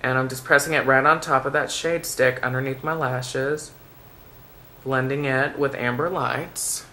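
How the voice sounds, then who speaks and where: A man giving a makeup tutorial in a soft-spoken, chatty and playful way. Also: medium pitch, steady tone, a little slow, a little hiss or hum. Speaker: makeup vlogger.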